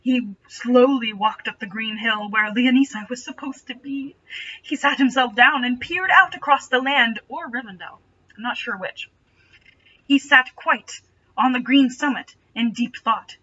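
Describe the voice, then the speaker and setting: A young woman reading a fanfiction aloud in her bedroom, breaking off for dry, mocking, deadpan asides. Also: fairly high pitch, measured pace, far from the mic, dull audio. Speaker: reader and commentator. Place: bedroom at home.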